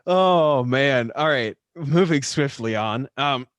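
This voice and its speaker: A man talks as a podcast guest in a playful, casual way, sometimes trailing into hesitant fillers. His pitch swings widely as he speaks. The sound is close and dry, with no room around it. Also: animated, takes it slowly, fairly bright tone, no echo. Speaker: podcast guest, writer and storyteller.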